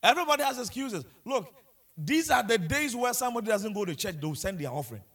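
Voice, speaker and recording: A man's voice: sits high, very animated, fast, a bit bright. A man preaching a sermon with passion, repeating himself and asking the congregation rhetorical questions. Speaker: pastor.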